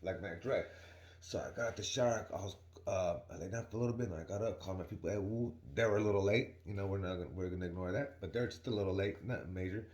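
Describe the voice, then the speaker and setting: A man's voice: deep voice, quick pace, a little mellow, roomy sound. A young man telling a story casually to his viewers in a slangy, rambling way, often asking "right?". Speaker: vlogger.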